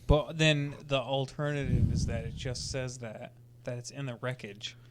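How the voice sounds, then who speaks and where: A man in a casual podcast chat, working through plot holes one question at a time. His voice sits at an ordinary middle pitch, and his tone stays conversational. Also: fairly even intonation, moderate pace, slight background noise. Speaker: podcast co-host. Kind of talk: casual film discussion.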